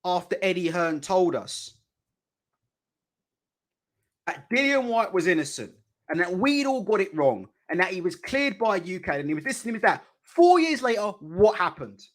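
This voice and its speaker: A man's voice: high-pitched, sing-song, moderate pace. A British man hosting a boxing channel, ranting in live commentary with heated, profane rhetorical questions. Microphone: desk mic.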